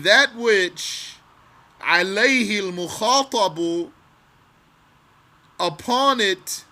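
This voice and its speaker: A man's voice: sits high, sharp tone. A man teaching a religious text line by line. He reads Arabic phrases, then translates and explains them word by word, often repeating himself. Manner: slow and deliberate, repeating phrases.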